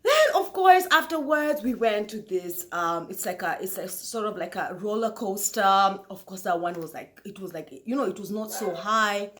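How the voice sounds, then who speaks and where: A woman hosting a talk show, telling a story casually to her viewers in an animated way, often laughing. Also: mid-range voice, normal speed, few pauses, noisy background. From Kenya.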